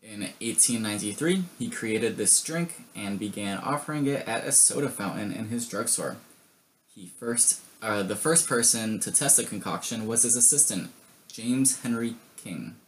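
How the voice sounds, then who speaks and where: A man's voice: on the low side, animated, moderate pace, slight background noise. Joking young man reading history facts. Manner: joking, rambling asides. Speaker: podcast co-host.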